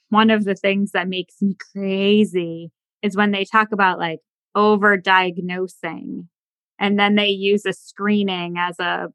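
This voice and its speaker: Bright-voiced woman podcast host. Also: medium pitch, no echo, low-quality recording. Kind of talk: casual interview chat.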